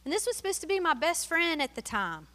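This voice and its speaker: A middle-aged woman from Tennessee giving an animated, emotional sermon-style testimony that drops to hushed asides. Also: very high-pitched, fast, big-room sound.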